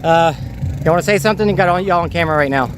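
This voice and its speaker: A man's voice: a little high, very fast, background noise. A man interviewing race crews outdoors, friendly and upbeat. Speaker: roving interviewer. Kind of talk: casual interview.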